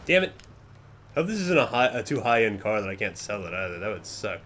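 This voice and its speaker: A young man giving casual gameplay commentary, swearing often and muttering to himself, then yelling at other players. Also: lowish voice, sing-song, fairly quick, slight background noise.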